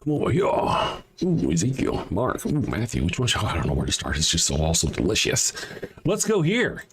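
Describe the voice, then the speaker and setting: A man's voice: on the low side, wildly swooping pitch, moderate pace, a little hiss or hum. A man hosting a livestream, answering chat sarcastically and reading out verses in casual commentary. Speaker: livestream host.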